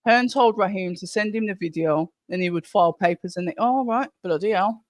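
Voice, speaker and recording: A woman's voice: medium pitch, brisk, no echo, clean studio sound. A middle-aged woman hosting a live stream, chatting casually and reading viewer comments aloud from home. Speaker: livestream host.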